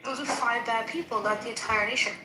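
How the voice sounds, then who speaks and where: A woman in casual, heated conversation, animated and indignant, acting out both sides of a quarrel she is retelling. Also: a little high, a little fast. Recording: echoey room with faint noise.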